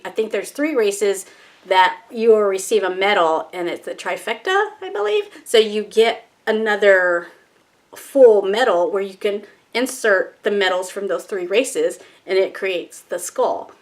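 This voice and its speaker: A woman's voice: medium pitch, sing-song, a little slow. A woman vlogging in a casual, chatty way, telling a personal story, acting out her own panicky thoughts and laughing at herself.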